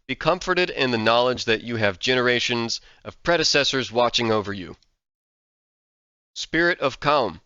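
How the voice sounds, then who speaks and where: A man casually reading out game skill text and reacting with excitement, a little sleepy and yawning. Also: mid-range voice, smooth, dry recording, lo-fi sound. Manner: enthusiastic, reads game text aloud then reacts. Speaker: gaming content creator.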